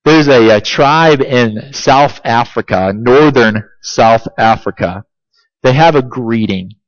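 A male pastor delivers a sermon at a slow, deliberate pace, pressing his listeners with one rhetorical question after another. His voice sounds close and dry, with a dull, muffled recording quality. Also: mid-range voice, no room sound. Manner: asks repeated rhetorical questions, emphatic and deliberate.

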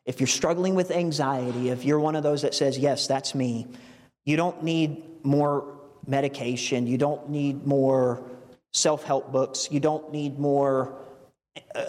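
A man preaching a sermon with earnest, emotional storytelling, often restarting his phrases. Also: a little high. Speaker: pastor. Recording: long reverb from a large hall.

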